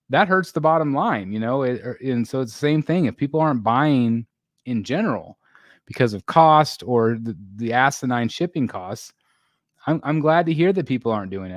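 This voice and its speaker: A middle-aged man hosting a casual live stream, reading viewer comments and chatting in a rambling, tired way full of fillers and throat clearing. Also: medium pitch, dry recording, studio quality.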